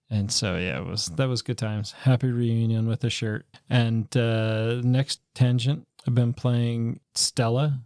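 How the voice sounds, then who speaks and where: A man's voice: lowish voice, creaky, a little mellow, no room sound, studio quality. A man co-hosting a casual board game podcast, telling rambling stories with many fillers. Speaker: podcast co-host. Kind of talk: casual chat.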